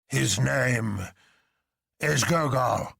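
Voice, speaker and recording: A man's voice: mid-range voice, extremely slow, vocal fry, a bit bright, slightly rough, dry recording, studio quality, heavily acted. A man voicing a huge, commanding older man who presides over an anarchist council, drawling with grand mockery.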